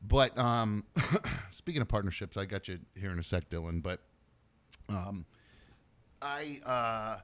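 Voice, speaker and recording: Lively casual male podcast host. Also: fairly low pitch, a little slow. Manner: animated, mock game-show hosting; coos softly over his dog. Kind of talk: casual chat.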